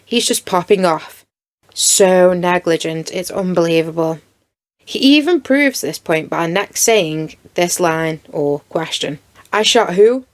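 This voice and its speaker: A woman's voice: on the low side, expressive, takes it slowly. A woman giving blunt, indignant commentary over video footage and swearing freely. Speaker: true crime commentator.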